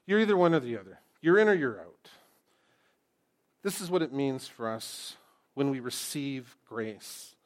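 A middle-aged man preaching a sermon as pastor, lively and joking, swinging from loud emphasis to quiet, intense passages. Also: medium pitch, measured pace.

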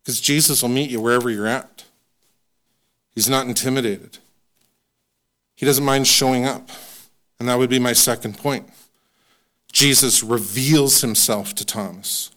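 A man preaching a sermon in a conversational, self-deprecating way, slowing down to stress scripture. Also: mid-range voice, fairly even intonation, a bit bright. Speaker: pastor.

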